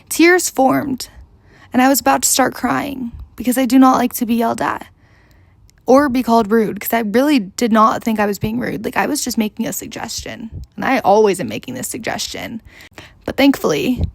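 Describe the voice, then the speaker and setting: Young female vlogger, fry-heavy, dry room, casual rambling storyteller who swears offhand. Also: fairly high pitch, no room sound.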